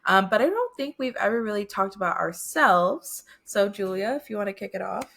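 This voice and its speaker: A young woman co-hosting a podcast, explaining things in a steady, careful way. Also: mid-range voice, fairly quick, vocal fry. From United States. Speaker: podcast co-host. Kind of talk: casual chat.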